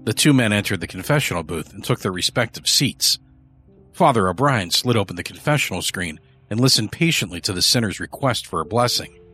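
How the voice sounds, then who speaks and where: A man narrating a horror story in a measured, dark storytelling manner. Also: on the low side, lively intonation, faint music behind.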